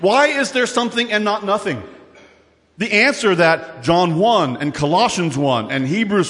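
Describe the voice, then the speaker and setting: A man preaching a sermon in an animated, conversational way, with quick asides and repeated words as he works through scripture. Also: high-pitched, big-room sound. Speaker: pastor.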